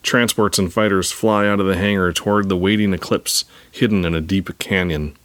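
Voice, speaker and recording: Deep-voiced man reading a script. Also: fairly even intonation, normal speed, fairly bright tone, no echo. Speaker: narrator.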